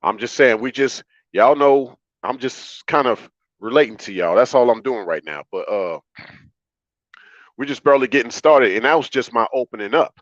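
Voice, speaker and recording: A man's voice: medium pitch, expressive, moderate pace, no room sound, muffled recording. Emphatic man preaching on a livestream. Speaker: livestream host. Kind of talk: livestream monologue.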